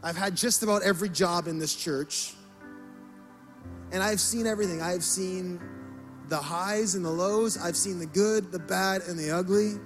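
A male pastor preaching a sermon, passionate and emphatic, rising to loud peaks. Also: high voice, moderate pace, faint music behind.

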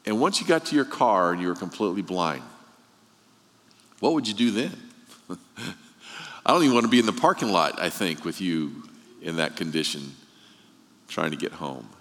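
Male pastor, low voice, sermon delivery, keeps asking questions and builds emphasis, long hall reverb. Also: animated, normal speed, long pauses, a bit bright. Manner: questioning, storytelling, rising emphasis.

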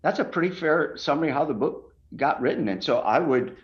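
A man's voice: fairly high pitch, lively intonation, fairly quick, lo-fi sound. A man who is a pastor, speaking emphatically and preacherly as a guest on a podcast over a video call. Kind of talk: podcast interview.

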